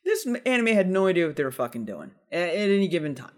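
A man's voice: sits high, very animated, fast talker. A man co-hosting a podcast in casual chat, blunt and swearing freely. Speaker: podcast co-host.

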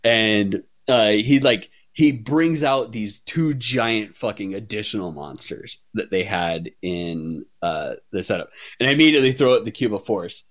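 A man's voice: fairly low pitch, lively intonation, unhurried, few pauses, fairly bright tone. A man hosting a podcast, telling a long story in casual chat, rambling, swearing often and laughing mid-story. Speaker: podcast host.

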